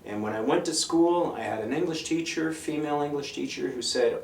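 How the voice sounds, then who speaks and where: Middle-aged punk rocker, blunt and profane, animated storyteller, echoey room, distant mic, faint hiss. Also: male voice, on the high side, brisk. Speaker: punk musician interviewee. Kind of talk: casual interview monologue.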